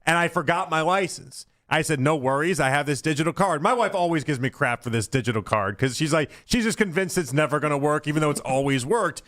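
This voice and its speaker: A man's voice: fairly high pitch, quick pace, few pauses. A man hosting a sports radio show, chatting casually and acting out the people in his story as he tells it. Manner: animated storyteller who acts out exchanges.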